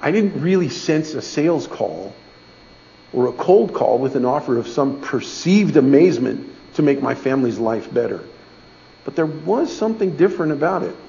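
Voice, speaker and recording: Middle-aged man, gravelly voice, folksy church testimony, dull lo-fi recording. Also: medium pitch, dark tone. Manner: folksy, conversational, asks "okay?" often. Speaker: speaker giving a testimony in church. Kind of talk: storytelling sermon.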